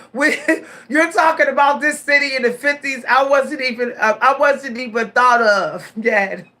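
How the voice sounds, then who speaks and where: A woman in her forties telling stories straight to her viewers in a casual vlog, animated, repeating her words and laughing often. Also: high voice, unhurried. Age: 40s. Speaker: vlogger.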